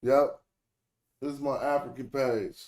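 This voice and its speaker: A man walks viewers through a casual screen-share tutorial in an easy middle-pitched voice. He rambles in a slangy way and stops to fix his own words as he goes. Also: fairly even intonation, a little slow, a little mellow. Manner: loose, rambling, corrects himself mid-sentence; slangy, chatty address to viewers. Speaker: online tutorial host.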